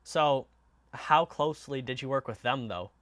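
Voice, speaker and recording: A man's voice: mid-range voice, normal speed, fairly bright tone, dry recording. A young man hosting a casual interview, asking curious, eager questions. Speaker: podcast host.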